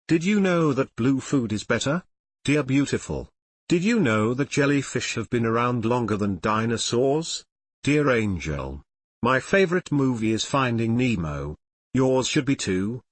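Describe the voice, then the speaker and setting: A man's voice: mid-range voice, big pitch swings, unhurried, dry recording. A man reading aloud, voicing a lovesick, awkward teenage boy hero who confesses in tender notes. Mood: confessional. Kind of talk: audiobook reading of fan fiction.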